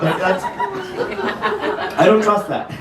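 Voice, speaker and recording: A man in his forties doing profane, animated stand-up comedy before a live audience. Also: high-pitched, background noise. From Pakistan. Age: 40s. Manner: animated, profane, quick asides to the crowd. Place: large hall, live audience. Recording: roomy live hall, mic from a distance, crowd laughter. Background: audience laughter.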